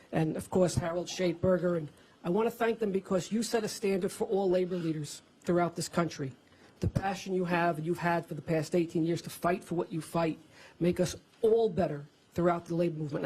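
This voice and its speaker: A man's voice: fairly high pitch, mellow, husky. A man, a state labor federation president, giving thanks at a press conference with stumbling repeats.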